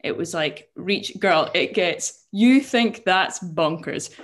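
A young woman on a chat show walks her friend through a strange story. Her voice sits low for a woman, and she jokes, swears and laughs as she goes, often tripping over words and starting them again. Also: expressive, takes it slowly. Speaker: podcast co-host. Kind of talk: casual chat, explaining a story.

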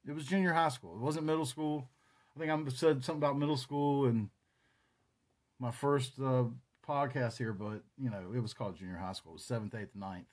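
A man's voice: mid-range voice, steady tone, a little fast. A man in his forties with a North Carolina Southern accent, hosting a solo podcast and reminiscing in a rambling, profane, casual way. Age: 40s. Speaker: podcast host.

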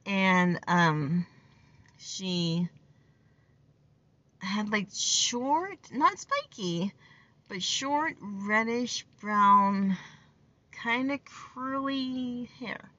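A woman's voice: mid-range voice, lively intonation, extremely slow, pauses often, pushed and bright, no echo, lo-fi sound. A woman telling a personal story in a casual, rambling way, full of fillers and small laughs. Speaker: vlogger.

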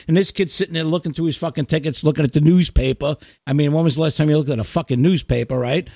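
A podcast host in his fifties tells a story in casual, profane chat, full of fillers. His voice sits fairly high and the sound is close and dry. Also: fast, hardly any pauses, a little mellow, no echo.

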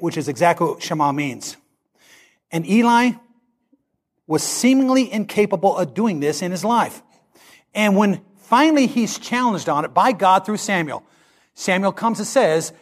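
A man preaching a sermon, animated and acting out the voices he quotes. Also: high voice, normal speed. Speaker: pastor.

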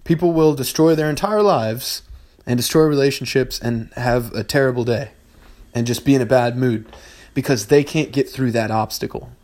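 A man's voice: mid-range voice, normal speed, a little mellow. A young adult man hosting a podcast, rambling through a casual philosophical monologue full of swearing and bursts of exasperation. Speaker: podcast host.

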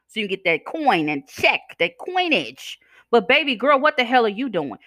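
A woman with a fairly high, sing-song, pushed and bright voice hosts a podcast at normal speed, casually ranting in a blunt, sassy, profane way and calling listeners "y'all" and "child." Gum-chewing gives her a slight slur, and the studio-quality recording has no room sound.

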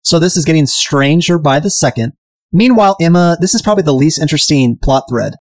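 A man's voice: fairly high pitch, animated, fairly quick, no echo. A man hosting a podcast, recapping a TV episode in casual chat, irreverent and profane, sometimes mimicking characters. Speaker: podcast host.

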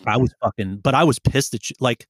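A man's voice: medium pitch, fairly quick, no room sound, studio quality. A man telling a rambling, profane story in casual chat. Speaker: podcast co-host telling a story.

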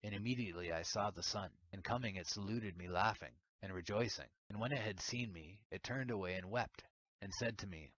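A man reads an ancient text aloud in a solemn, measured way. His voice sits very low. The recording is dull and lo-fi. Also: fairly bright tone, no room sound. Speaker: audiobook reader. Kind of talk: scripted narration of an ancient text.

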